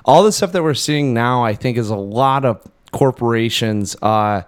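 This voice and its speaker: A man co-hosting a podcast in loose, rambling talk. He keeps circling back and restarting his thoughts, with a smooth voice at a middling pitch. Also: normal speed. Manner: rambling, thinks aloud with fillers and restarts; laughs often. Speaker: podcast co-host. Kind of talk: casual chat.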